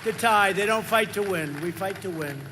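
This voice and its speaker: A man in his seventies giving a rambling, repetitive campaign rally speech, swinging into loud emphasis. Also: high voice, normal speed, noisy background. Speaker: politician at a rally.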